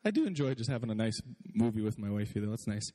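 A man's voice: on the low side, very animated, fast talker, dark tone, big-room sound. A man preaching a sermon in a casual, chatty way, often laughing and saying "like". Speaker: pastor.

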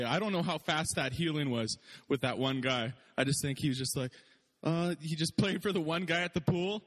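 A man's voice: on the high side, long reverb tail. A man preaching a sermon in a casual, chatty way, often laughing and saying "like". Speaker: pastor.

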